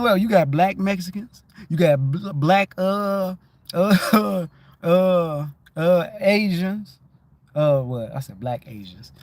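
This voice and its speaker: A man's voice: high-pitched, expressive, takes it slowly, darkish tone, no room sound. Rambling laid-back man. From Detroit, USA. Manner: rambling, keeps repeating "you know what I'm saying"; laid-back, loose and conversational. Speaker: livestream host. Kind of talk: casual spiritual livestream monologue.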